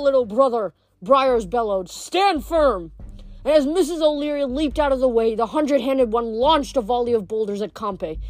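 A woman reading a novel aloud, steady but with small slips she corrects as she goes. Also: high-pitched, dry recording. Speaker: reader.

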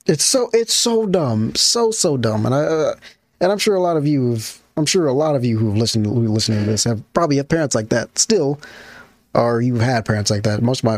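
Captured in a dry recording, this podcast host runs his own radio show in a loose, rambling way. He often restarts his sentences, and his pitch climbs high whenever he gets excited.

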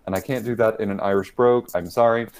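A man hosts a casual podcast from a remote call mic. His voice sits a bit low, and he rambles through fillers, often laughing. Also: fairly even intonation, fast talker, a little mellow, clear, resonant tone. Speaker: podcast host. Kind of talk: casual online show chat.

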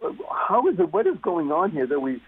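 A man's voice: fairly high pitch, wildly swooping pitch, fairly quick, husky. A man talking as a guest on a talk radio show, emphatic and repeating key words for stress. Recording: muffled phone-line radio sound.

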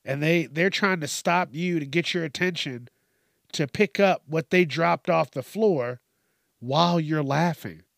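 A man's voice: a little high, measured pace, gravelly, no echo, clean studio sound. A man hosting a casual solo podcast, ranting with lots of swearing and acting out quoted lines. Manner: profane, animated ranting with acted-out quotes. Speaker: podcast host.

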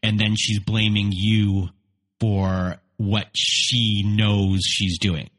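A man's voice: fairly low pitch, flat delivery, drawn-out words, fairly bright tone, long reverb tail. A man hosting a podcast, asking probing interview questions with fillers. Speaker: podcast host.

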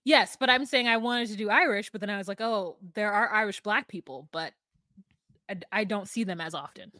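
A woman's voice: medium pitch, brisk, pushed and bright, no room sound. A woman co-hosting a casual podcast chat, rambling and restarting her sentences with frequent laughs. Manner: rambling, self-interrupting, laughs often. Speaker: podcast co-host.

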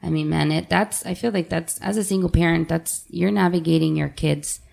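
A woman in her thirties speaks with a low, gravelly voice. She is a single mother in a relaxed podcast conversation, and she talks openly and emotionally, working her thoughts out as she goes. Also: moderate pace. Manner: candid, emotional, talks things out. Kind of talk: casual podcast chat.

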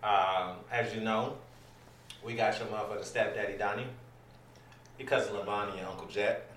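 A man's voice: lowish voice, fairly even intonation, normal speed, a bit bright. A man hosting a casual podcast, talking loosely with lots of ums, restarts and swearing. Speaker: podcast host. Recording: echoey room, mic at a distance, faint noise.

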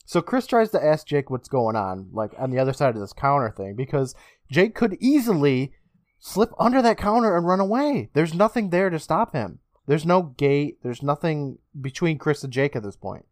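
Guy co-hosting a podcast, animated recap, laughs a lot, dry close sound. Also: fairly high pitch, moderate pace, dry recording. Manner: animated storytelling, laughs often, swears. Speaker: podcast co-host. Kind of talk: casual episode recap.

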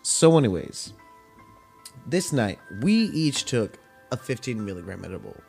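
Young man, mid-pitched, casual and foul-mouthed, tells stories with lots of energy. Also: unhurried, creaky, soft background music. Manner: profane, animated retelling with acted-out quotes. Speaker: podcast host. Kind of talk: casual storytelling rant.

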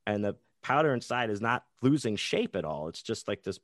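A man's voice: fairly low pitch, sing-song, fairly quick, a bit bright, no room sound, clean studio sound. A man guesting on a podcast, telling a rambling, profane anecdote full of restarts and asides.

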